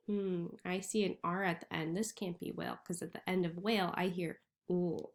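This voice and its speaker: A woman teacher speaks slowly and patiently, sounding out each letter for young readers. Her voice sits a little low for a woman, with a steady, unhurried pace. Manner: slow, clearly sounding out letters. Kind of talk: reading lesson for young children.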